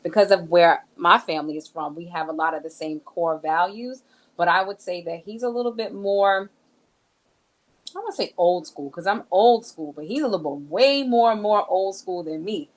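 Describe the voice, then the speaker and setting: Woman co-host, slightly low voice, casual and upbeat church-recap chat aimed at viewers. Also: moderate pace. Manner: chatty, upbeat, addresses viewers directly with "right?" and "all right"; nerdy, enthusiastic about books. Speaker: church leader co-hosting a sermon recap.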